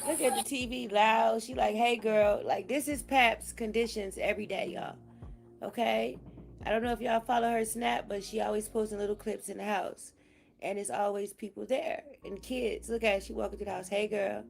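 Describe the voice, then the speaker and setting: A woman's voice: fairly high pitch, fairly even intonation, moderate pace, gravelly, faint music behind. A woman giving casual gossip commentary, laughing often, swearing freely and acting out what people said.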